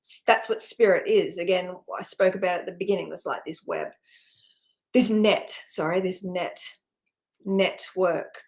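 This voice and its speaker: A woman's voice: lowish voice, normal speed, darkish tone. A middle-aged woman hosting a spiritual channel, talking casually and rambling, with many fillers and frequent laughs.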